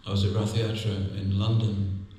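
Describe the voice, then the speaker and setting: A man's voice: on the low side, level tone, normal speed, dark tone. An older man giving a humorous, anecdotal sermon as a temple class speaker. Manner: humorous storytelling, chuckles often. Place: temple hall. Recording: echoey hall, distant mic.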